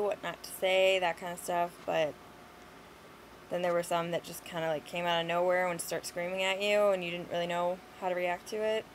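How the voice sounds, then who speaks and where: A woman's voice: lowish voice, slight background noise, poor audio. Sweary young woman ranting casually. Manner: blunt, sweary, exasperated storytelling. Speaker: vlogger.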